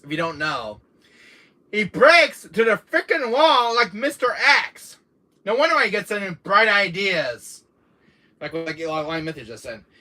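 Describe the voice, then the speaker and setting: A man's voice: on the high side, pushed and bright. A man streaming, retelling a game run with frequent laughter and swearing. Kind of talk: live stream storytelling.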